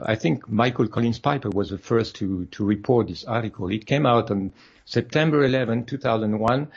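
A man's voice: on the low side, gravelly, a little mellow, breathy edge, lo-fi sound. A man being interviewed as an author, speaking hesitantly with many fillers and restarts. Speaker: guest author. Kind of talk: interview over a phone line.

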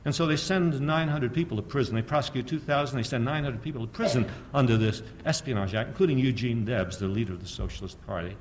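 A man's voice: medium pitch, quick pace, few pauses, a little hiss or hum. An older man giving a public lecture, telling a story with sardonic humor and rhetorical questions to the audience.

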